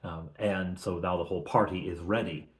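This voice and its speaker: A man's voice: low-pitched, steady tone, moderate pace. Conversational male game master recapping. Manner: conversational, thinking aloud with restarts. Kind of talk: recapping a tabletop game session.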